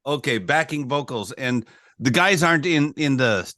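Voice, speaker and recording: A man's voice: medium pitch, lively intonation, normal speed, sharp tone, dry recording, clean studio sound. A man hosting a casual radio interview, chatty and stumbling a little over guests' names. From United States. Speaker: radio show host.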